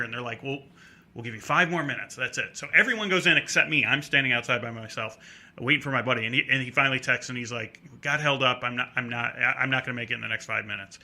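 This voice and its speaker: A middle-aged man from the Midwest with a very bright, forward voice. He tells a loose, rambling anecdote as a guest comic and breaks into quick acted-out quotes. The talk is casual and chatty. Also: mid-range voice. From American Midwest. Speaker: comedian guest. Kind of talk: casual storytelling interview.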